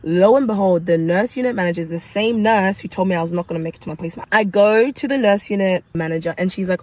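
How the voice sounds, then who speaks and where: A young woman from Kenya speaks in a somewhat low voice, recounting her nursing experience to camera. She tells it animatedly and emphatically, repeating phrases for weight and throwing in vocal sound effects. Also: fast, a little mellow, rough recording. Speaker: nurse sharing her story. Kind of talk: personal storytelling to camera.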